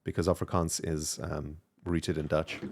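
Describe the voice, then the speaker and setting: A man's voice: very deep voice, little pitch movement, moderate pace. A man from South Africa with a mixed South African and British accent, chatting casually on a live game stream and thanking viewers. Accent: mixed South African and British English. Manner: chatty, thanks viewers warmly, rambling with fillers. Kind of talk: casual live-stream chat while gaming.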